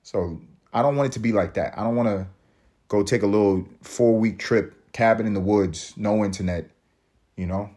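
Rambling, profane man with a low voice. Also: moderate pace. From Puerto Rican family, raised in US projects. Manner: profane, rambling, laughs at own jokes; jumps to high excited pitch for emphasis. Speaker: podcast host. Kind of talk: solo comedic monologue.

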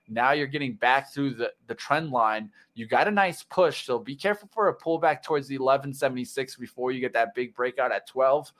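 A man hosting a live stock market show, walking through charts and pumping up viewers to like the stream. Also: medium pitch. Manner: energetic, pumps up viewers.

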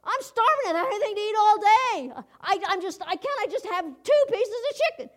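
A woman puts on a high, loud, self-important governor who is starving and will not accept one piece of chicken. He pleads, then puffs himself up. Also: very animated, a little fast, exaggerated voice. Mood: indignant. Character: hungry, indignant male state governor.

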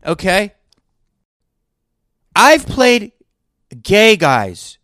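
A man's voice: high-pitched, big pitch swings, extremely slow, pushed and bright, no echo, studio quality. A man hosting his own podcast, ranting with sarcastic rhetorical questions in an indignant monologue. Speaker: podcast host and actor.

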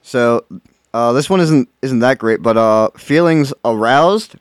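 A man's voice: medium pitch, a little slow, smooth, dry recording, clean studio sound. A man on a podcast in casual chat, laid-back and hesitant with many fillers. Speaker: podcast co-host reading reviews.

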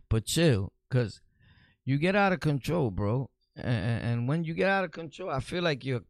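A gravelly-voiced man talks straight to his listeners in a loose, rambling monologue, blunt and streetwise. His voice sits at an ordinary middle pitch. The sound is close and dry, with no room around it. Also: animated, normal speed, no room sound. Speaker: podcast host. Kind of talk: casual monologue answering comments.

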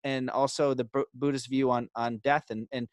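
A man's voice: mid-range voice, flat delivery, normal speed, clear, resonant tone, no room sound. A man hosting a podcast, talking in an earnest, explanatory way with hesitant restarts. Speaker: podcast host. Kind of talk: casual interview conversation.

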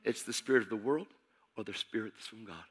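A middle-aged man preaching a sermon, excitable and building in intensity as he goes. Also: on the low side, fast talker.

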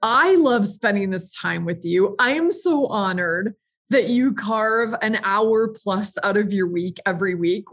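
A woman's voice: medium pitch, a bit bright. A woman hosting her podcast, talking in a bubbly, emphatic way and cursing casually. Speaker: podcast host. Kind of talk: enthusiastic podcast intro.

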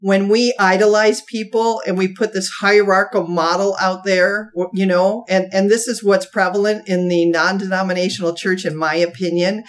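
Woman guest, folksy storyteller, mid-pitched, laughs through her lines. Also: steady tone, normal speed, few pauses. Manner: laughs through her story, breaks into high voices for quotes; folksy churchgoing talk. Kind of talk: animated storytelling chat.

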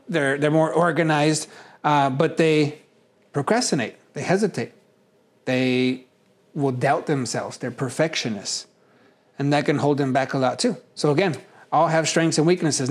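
A man teaching a casual workshop on personality types, talking in a conversational, animated way and acting out examples. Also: fairly high pitch.

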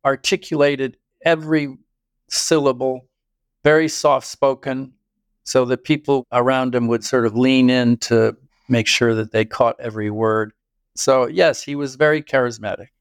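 A man's voice: medium pitch, steady tone, measured pace, smooth, no echo, studio quality. An older man, a biographer, answering interview questions in thoughtful, storytelling detail. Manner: thoughtful storytelling with occasional chuckles. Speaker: biographer guest.

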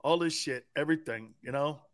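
Talking fairly quickly in a higher voice, a middle-aged man co-hosting a sports talk show retells stories with lots of profanity and animation. He laughs often throughout the casual storytelling chat.

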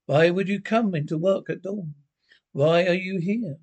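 A man reading a script aloud, voicing a brusque, suspicious male clerk who talks rapidly. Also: sits high, a little mellow. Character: fussy officious male clerk, self-important.

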